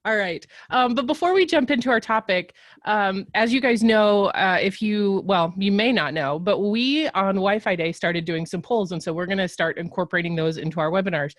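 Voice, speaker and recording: A woman from Texas hosts a webinar with bubbly, chatty energy. Her voice is mid-pitched and sounds dry and close. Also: normal speed, no echo. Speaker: webinar host. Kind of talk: casual webinar hosting.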